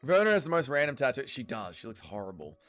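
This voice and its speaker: A man's voice: mid-range voice, very animated, quick pace, a bit bright, faint music behind. A young man hosting a casual livestream watch-along, reading viewer chat aloud, bantering and swearing freely. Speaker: livestream host.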